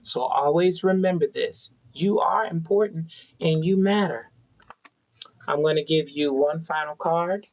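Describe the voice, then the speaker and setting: In a low-quality recording, a medium-pitched voice goes a little slowly through a spiritual tarot reading. The reader talks directly to viewers off-camera, earnest and preachy, repeating herself a lot.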